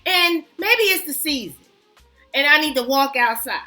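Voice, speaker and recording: A woman fragrance vlogger chatting casually to her viewers, animated and self-mocking. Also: high voice, moderate pace, over music. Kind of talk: casual chat to camera.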